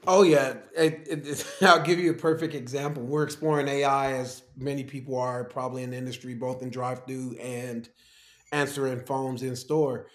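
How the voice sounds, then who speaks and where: A man's voice: mid-range voice, fairly even intonation, normal speed, fairly bright tone. A man, a guest on a podcast, talking easygoing and laughing often as he tells stories. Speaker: guest, technology executive. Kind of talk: conversational podcast interview. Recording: roomy echo.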